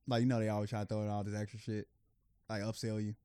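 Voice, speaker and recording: A man's voice: on the low side, fast, smooth, dry recording. Argumentative man on a dry podcast mic. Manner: animated, argumentative, swears freely. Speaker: podcast co-host. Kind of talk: casual chat.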